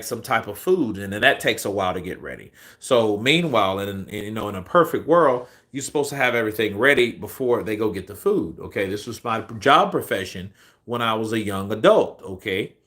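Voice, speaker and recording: A man's voice: medium pitch, a bit bright. A man in his forties, a boxing commentary host, telling a rambling, profanity-laced story in a casual way.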